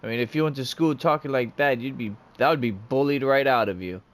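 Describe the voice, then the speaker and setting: A man's voice: medium pitch, fairly quick. Chatty man narrating his gameplay. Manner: rambling and chatty. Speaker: gaming channel host. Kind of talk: casual let's-play commentary.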